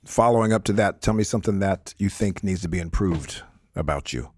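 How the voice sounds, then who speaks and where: A man co-hosting a podcast who asks probing questions in an animated way and murmurs agreement often. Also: low-pitched, fairly quick, breathy edge. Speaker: podcast co-host. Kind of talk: interview questioning.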